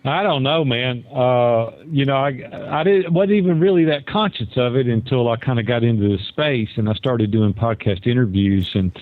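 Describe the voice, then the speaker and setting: A man's voice: mid-range voice, normal speed, hardly any pauses, no echo. Man, thick Southern Tennessee accent, folksy, enthusiastic storyteller, tinny phone-like sound. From Nashville, Tennessee. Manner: enthusiastic, folksy storyteller who laughs often. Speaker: podcast guest. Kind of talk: casual interview. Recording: dry tinny phone-like line.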